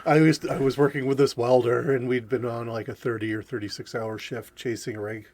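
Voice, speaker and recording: A man telling rowdy work and party stories in casual chat, swearing a lot and acting out his own shouts with laughter. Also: mid-range voice, steady tone, brisk. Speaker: podcast guest. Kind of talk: casual storytelling.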